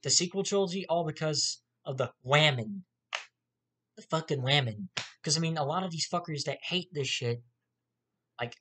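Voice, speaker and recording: A vlogger ranting to camera with a lot of swearing. The talk rambles with fillers and restarts, and the pitch jumps up sharply when angry. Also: fairly bright tone. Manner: profane, heated ranting.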